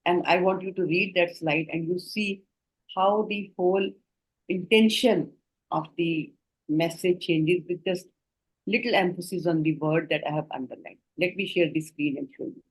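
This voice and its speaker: A woman's voice: lowish voice, moderate pace, slightly rough, low-quality recording. A woman with an Indian English accent giving an online training lecture to doctors, explaining points earnestly and speaking directly to her trainees over a video call.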